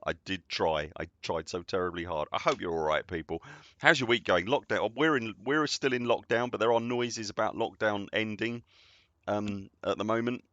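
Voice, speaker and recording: A man's voice: on the low side, normal speed, pushed and bright, no echo. A man, streaming a game and chatting casually with viewers, rambling and greeting people by name. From United Kingdom. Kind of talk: casual live-stream chatter while gaming. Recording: dull, dry lo-fi sound.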